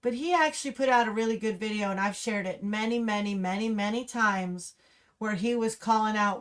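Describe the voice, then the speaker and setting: A middle-aged woman, talking on a livestream in an impassioned, ranting way that rises to angry shouts. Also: a little high, a little fast. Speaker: livestream host. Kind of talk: livestream commentary over slideshow.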